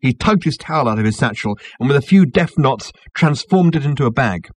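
A man narrates a comic novel as an audiobook, his voice husky and breathy in a dry, close recording. His pitch moves a lot as he tells the story with wry expressiveness. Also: lively intonation, a little fast, no room sound.

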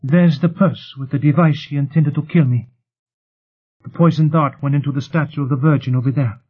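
A man's voice: a little high, fairly even intonation, fairly quick, husky, pitched above the performer's own voice. A man reading a defiant young woman with a clipped, coldly challenging manner, in an audiobook. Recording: tinny phone-like sound.

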